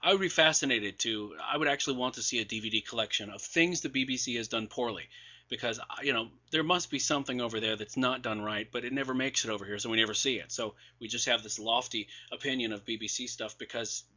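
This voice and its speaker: A man's voice: mid-range voice, quick pace, sharp tone, highs cut off. A man casually reviewing new releases with sarcastic asides and many fillers and restarts, his voice wearing out. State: losing his voice. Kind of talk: casual podcast commentary.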